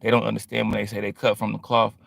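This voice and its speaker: A man's voice: lowish voice, completely flat delivery, fast, vocal fry, fairly bright tone, no room sound. A man talking in a rambling, streetwise monologue, full of slang, who keeps drifting into quoting other people. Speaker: vlogger. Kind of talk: casual monologue.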